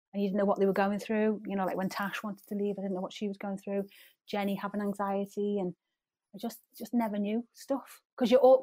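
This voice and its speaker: A woman's voice: mid-range voice, a little mellow, no echo. A woman in her thirties with a Scouse accent, chatting as a guest in a giggly, rambling way. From Liverpool. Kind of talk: casual interview chat.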